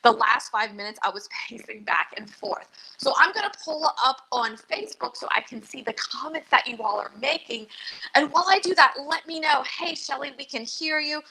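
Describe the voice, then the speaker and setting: A woman's voice: a little high, lively intonation, normal speed, bright, forceful tone, husky, poor audio. A woman hosting a live cooking demonstration as a dietitian, chatty, upbeat and a little nervous. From Louisiana. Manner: chatty and self-deprecating, nervous but upbeat.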